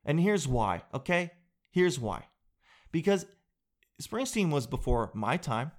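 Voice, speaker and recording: A man with a fairly high speaking voice riffs through a comic monologue. He tells his stories in an animated way, swears freely, and keeps the bits rolling. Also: slow. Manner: animated, profane storytelling. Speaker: comedian. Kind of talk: stand-up style comic monologue.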